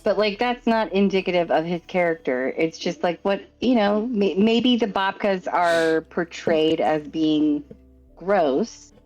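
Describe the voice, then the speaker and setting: A woman's voice: lowish voice, measured pace, darkish tone, lo-fi sound, faint music behind. A woman co-hosting a casual book discussion podcast who muses aloud, with frequent "like" and "you know.". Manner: speculative, many likes and you knows. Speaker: podcast co-host.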